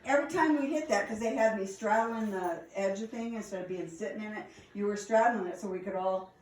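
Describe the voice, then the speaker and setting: A woman telling stories from her past in a casual, animated way, laughing and acting out the lines. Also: medium pitch, brisk. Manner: animated, laughing, acts out quotes. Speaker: storyteller. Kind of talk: casual storytelling. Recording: echoey room, distant mic.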